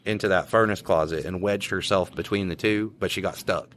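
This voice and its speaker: A man's voice: low-pitched, steady tone, a little fast, a bit bright. A man, a police officer co-hosting a podcast, telling work stories in a laid-back drawl. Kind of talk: casual storytelling chat.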